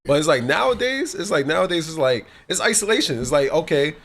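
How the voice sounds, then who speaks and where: A man talking casually on a podcast, his voice sitting a little high. He rambles through his points and keeps checking in with "you know what I mean". It sounds like relaxed, unscripted talk. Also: fairly quick, breathy edge. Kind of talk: casual chat.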